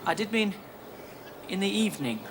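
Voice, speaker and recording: An actor playing a shy, smitten young country squire who stammers and hesitates. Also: male voice, high voice, sing-song, normal speed, background noise. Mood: awkward, shy.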